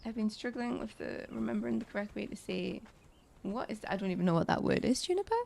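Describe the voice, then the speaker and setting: A woman's voice: mid-range voice, steady tone, quick pace, creaky, darkish tone. A woman streaming a survival game, telling shop stories in chatty casual talk full of fillers and restarts. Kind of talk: casual chat while gaming. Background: game music.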